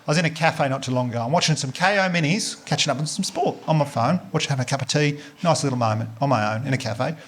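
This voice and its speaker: A man with an Australian accent performing a stand-up set, telling crude stories in a dry, deadpan way. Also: fairly high pitch, fast talker, few pauses. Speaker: stand-up comedian. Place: comedy club stage before a live audience. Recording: loud audience laughter and noise.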